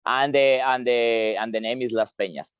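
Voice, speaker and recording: A man giving a tour guide's outdoor talk on a farm, halting and repeating words as he explains. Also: medium pitch, steady tone, smooth, dry recording. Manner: halting, repeats words, chuckles while eating. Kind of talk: live virtual tour explanation. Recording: dry, slightly dull lo-fi sound.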